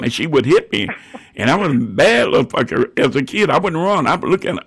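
A man's voice: medium pitch, sing-song, brisk, fairly bright tone, slightly rough. An older man from Georgia, telling bawdy stories as a guest musician. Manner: bawdy, growly storyteller. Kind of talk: storytelling interview.

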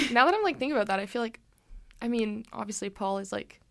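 A young woman co-hosting a podcast in casual, animated chat. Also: a little high, quick pace. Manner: animated, exclaims "oh my gosh". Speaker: podcast co-host.

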